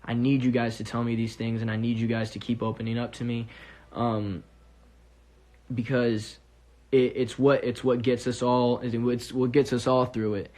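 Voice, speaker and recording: An earnest young man talks straight to his fans over a livestream, in a voice of middling pitch. He rambles through heartfelt advice, stopping and restarting with plenty of ums and likes. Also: level tone, moderate pace, darkish tone. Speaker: musician talking to fans on a livestream. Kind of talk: casual heartfelt monologue. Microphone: phone or webcam on a livestream.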